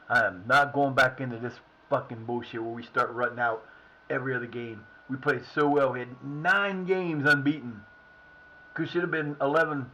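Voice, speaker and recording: Guy streaming a soccer game, bright sharp voice, cussing out his team and the ref, faint room hum behind. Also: medium pitch, dull audio. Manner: frustrated, swearing, talking at his players and the referee. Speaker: streamer managing a football team in a video game. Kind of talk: live gameplay commentary.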